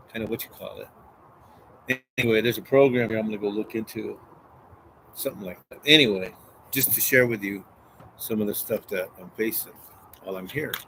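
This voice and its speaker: A man's voice: fairly low pitch, gravelly, fairly bright tone, slight background noise, rough recording. A man casually talking through a Bible passage and reading it aloud, rambling and repeating phrases. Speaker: street preacher.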